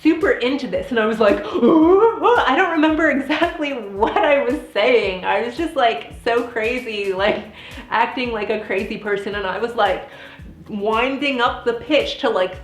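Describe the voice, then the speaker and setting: A woman in her thirties telling funny stories in a casual vlog, giggly and animated, with lots of "like" fillers. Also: fairly high pitch. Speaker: vlogger and former theme park princess performer. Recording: echoey room with faint music.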